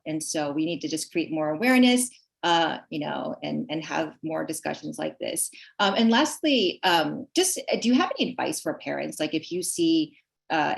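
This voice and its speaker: Woman panel moderator, lowish voice, gracious but hesitant, full of fillers. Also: vocal fry. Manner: warm thanks, hesitant with many fillers. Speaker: webinar moderator.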